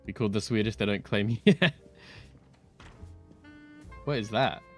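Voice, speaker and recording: A man giving chatty, excitable gameplay commentary as a streamer, full of quick asides. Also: lowish voice, faint music behind. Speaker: gaming streamer.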